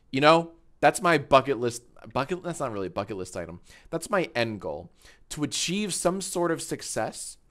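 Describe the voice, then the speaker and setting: Tipsy from wine, a man in his thirties chats on a live stream from his home studio, which has a green screen, rambling, joking and swearing freely. He has a medium-pitched voice with a fairly bright tone.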